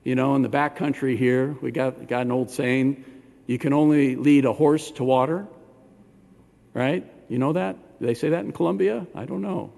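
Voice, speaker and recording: An older man, a rabbi preaching a sermon in a synagogue, animated and talking straight to the congregation with questions. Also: mid-range voice, normal speed, gravelly. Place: synagogue sanctuary. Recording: long hall reverb.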